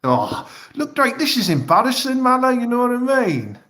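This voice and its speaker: A man's voice: extremely high pitch, sing-song, normal speed, sharp tone. A man with a Teesside accent hosting a live online comedy show, rambling in crude, casual chat and leaning on "you know what I mean".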